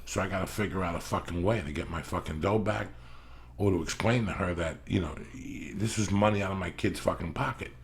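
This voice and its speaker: A middle-aged man with a gravelly, husky voice that sits fairly low, talking in a casual podcast chat. He rambles through his stories, swears constantly and hammers home every point. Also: brisk. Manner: profane, rambling, emphatic storyteller. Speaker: podcast host.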